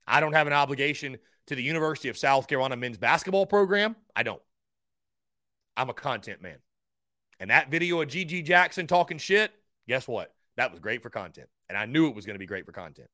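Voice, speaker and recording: A man's voice: mid-range voice, animated, quick pace, bright, forceful tone, dry recording, studio quality. Blunt middle-aged man hosting sports talk. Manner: blunt, combative, unapologetic. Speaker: sports talk show host.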